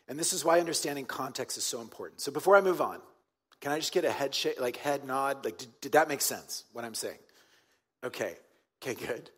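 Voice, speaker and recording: A man's voice: medium pitch, fairly bright tone, slightly rough, long reverb tail. A man preaching a sermon in a conversational, emphatic way, repeating key points and checking in with his listeners. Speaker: pastor.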